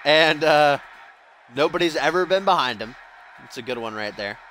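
A man's voice: fairly high pitch, animated, moderate pace, fairly bright tone, a little hiss or hum. A man giving playful mock wrestling commentary over a video game, slipping between announcer patter and crude, jokey banter. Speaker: gaming commentator.

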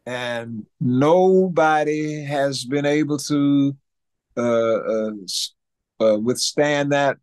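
A Mississippi musician in his 80s, appearing as an interview guest, tells an animated story full of repetitions and sound effects he acts out. His mid-range voice is recorded with no echo.

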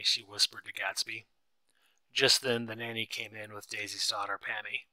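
A man narrates a storybook in a clear, steady way. His voice sits low but sounds very bright and forward. The recording is dry and close. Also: moderate pace, dry recording, poor audio.

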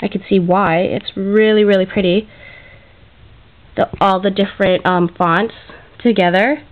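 A woman's voice: medium pitch, fairly even intonation, a little slow. A woman from Canada showing off craft gifts in a casual vlog, gushing and grateful, chatty with lots of fillers, and close to tears. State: emotional, near tears. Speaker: craft vlogger. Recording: dull lo-fi home video audio.

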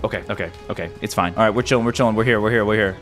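A young man commentating his own platformer run, excitable, repeating himself and yelping and gasping at near misses. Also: lowish voice, very fast, music in the background. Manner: excitable, repeats phrases, yelps and gasps. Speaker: gaming YouTuber. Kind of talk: let's-play commentary.

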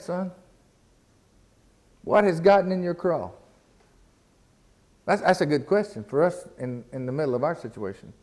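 Folksy preacher man, a bit high-pitched. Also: a little mellow. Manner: folksy, repeats words, asks the congregation questions. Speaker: pastor. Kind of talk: sermon. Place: church.

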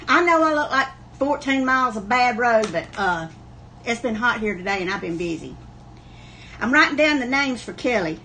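A high-pitched woman runs a live online sale. Her bright, forceful voice chats folksily as she greets viewers by name. Faint room noise sits behind her. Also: lively intonation, normal speed. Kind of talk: livestream chat. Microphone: camera on a wobbly tripod.

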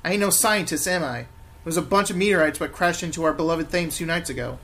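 A man voicing a lazy, corrupt London policeman who talks in loud, scornful slang. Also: a little high, fast. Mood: brash.

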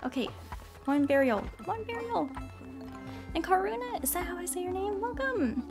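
A woman's voice: very high voice, big pitch swings, a little fast. A woman streaming a game, chatting casually, apologizing and greeting viewers by name in a bubbly way. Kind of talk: casual live-stream chat while gaming. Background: game music.

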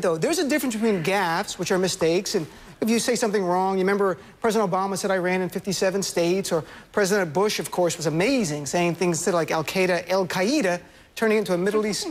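Male comic pundit, rapid-fire, husky, jokey, argumentative. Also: high-pitched. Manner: fast, animated, joking argument. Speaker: comedian and political commentator. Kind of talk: TV news panel commentary.

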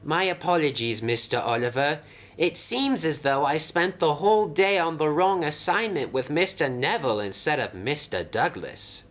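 A man's voice: animated, moderate pace, a bit bright. A man voicing a polite, fretful little male brake van in a toy train story. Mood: meek. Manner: anxious, very polite, high and breathy.

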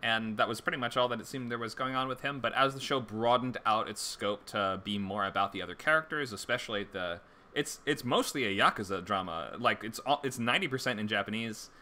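A man's voice: mid-range voice, brisk, pushed and bright. A man teaching a screenwriting class in a loose, conversational way, full of fillers and restarts, and he has the hiccups. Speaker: screenwriting instructor. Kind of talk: casual livestream lecture.

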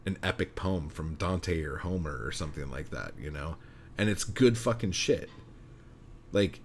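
A man with a very low voice hosts a solo podcast and chats loosely with his listeners. His talk is blunt, full of swearing, and encouraging. A faint hiss sits behind him. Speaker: podcast host. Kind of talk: casual solo podcast chat.

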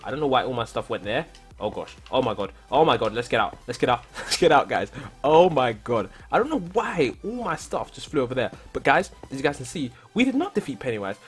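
A young man doing casual Minecraft commentary who keeps talking to his viewers and bursts into shouts when something goes wrong. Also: medium pitch, a little fast, soft background music. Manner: excitable, talks to viewers, repeats "guys", bursts into shouts. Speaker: gaming YouTuber.

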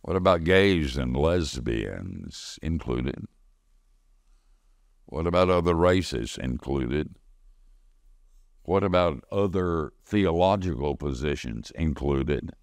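A man's voice: very deep voice, expressive, slow, vocal fry, pauses often, no echo, clean studio sound. A man preaching a sermon, telling a personal story in a conversational way and answering his own questions. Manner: conversational storytelling, call-and-response. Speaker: pastor.

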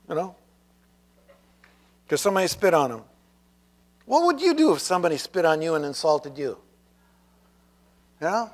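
A man's voice: a little high, very animated, moderate pace, long pauses. A male pastor preaching a sermon who reads scripture aloud and asks the congregation questions.

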